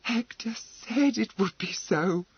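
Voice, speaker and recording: Fluttery gentle young widow, voiced by a man, high and breathy, lively. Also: slow, no room sound, lo-fi sound, heavily acted. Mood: flustered. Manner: fluttery, anxious, tender.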